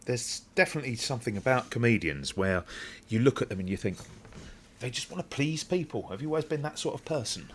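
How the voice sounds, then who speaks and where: Male interviewer; animated, encouraging, slight background hiss. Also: mid-range voice, brisk. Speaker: podcast host.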